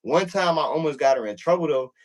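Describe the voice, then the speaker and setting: A man's voice: fairly high pitch, expressive, fast. A man telling a prison story in casual, profane talk, acting out the voices in the quotes.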